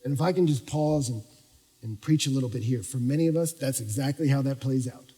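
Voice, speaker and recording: Man preaching, animated sermon, husky voice, long hall reverb. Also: medium pitch, fairly quick. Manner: animated, swings from hushed to shouting. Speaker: pastor. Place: large church auditorium.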